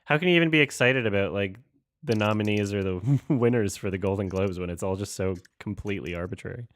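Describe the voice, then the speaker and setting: A man's voice: lowish voice, fast talker. A young man hosting a casual online hangout, thinking aloud as he reads through award results. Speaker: host. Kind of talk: casual chat.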